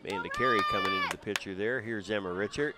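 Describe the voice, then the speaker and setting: A man calls play-by-play for a high school soccer game outdoors, keeping a steady, conversational delivery at a quick pace with frequent "uh" fillers. Crowd noise is audible in the background of this live sports commentary.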